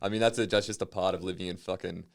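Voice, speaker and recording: A laid-back man chatting on a podcast in a lowish voice. He talks loosely and swears casually, with plenty of "yeah" and "like.". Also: steady tone, fast talker, vocal fry, dry recording, studio quality. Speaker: podcast co-host. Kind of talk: casual chat.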